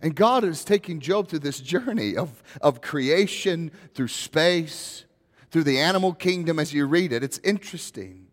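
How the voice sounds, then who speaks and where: A man's voice: a little high, expressive, measured pace, in a large hall. A male pastor preaching a sermon in a conversational way, building to rising, emphatic questions.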